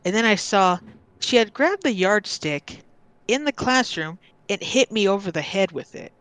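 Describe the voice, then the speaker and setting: Halting woman telling a personal story. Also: mid-range voice, lively intonation, a bit bright, smooth, no echo. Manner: halting, restarts and repeats words. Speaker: podcast guest. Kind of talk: casual storytelling.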